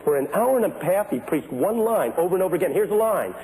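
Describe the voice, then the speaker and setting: A man preaching a sermon who grew up in West Philadelphia. He tells stories to the congregation and builds up to shouted, rhythmic preaching. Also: high-pitched, lively intonation, fast, low-quality recording.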